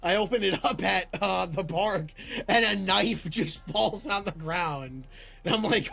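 A young man livestreaming, telling a story in animated chat and acting out both sides with bursts of disbelief. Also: high voice, unhurried, gravelly, soft background music. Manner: acts out both sides of a story, rising to near-shouts in disbelief.

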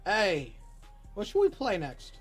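A young man livestreaming, telling a story in animated chat and acting out both sides with bursts of disbelief. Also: high voice, slow, husky, soft background music. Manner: acts out both sides of a story, rising to near-shouts in disbelief.

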